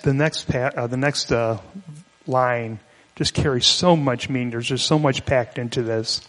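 A man's voice: medium pitch, a bit bright. Man preaching in a reverberant hall. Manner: conversational, explanatory, with restarts. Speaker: pastor. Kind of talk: sermon.

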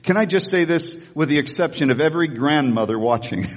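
Animated preaching man in an echoey hall. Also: fairly high pitch, a little fast. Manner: animated preaching, acting out the king with a raised voice and laughing. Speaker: pastor. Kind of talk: sermon.

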